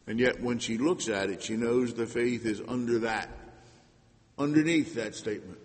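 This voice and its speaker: Slow, earnest male preacher in reverb. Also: medium pitch. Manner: earnest, swings between loud emphasis and hushed asides. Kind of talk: sermon. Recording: long hall reverb.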